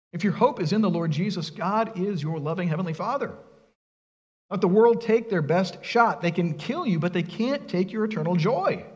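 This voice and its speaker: A man's voice: high voice, long reverb tail, highs cut off. A middle-aged man preaching a sermon, earnest and emphatic, asking the congregation rhetorical questions. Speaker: pastor.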